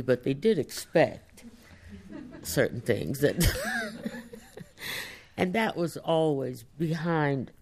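A woman author answering audience questions in a reflective, thoughtful way, pausing as she searches for words. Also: very deep voice, a little mellow. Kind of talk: reflective studio talk.

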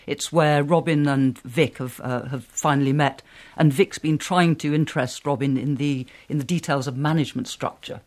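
A man hosting a radio book show, presenting in a smooth, measured scripted way. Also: a little high, steady tone.

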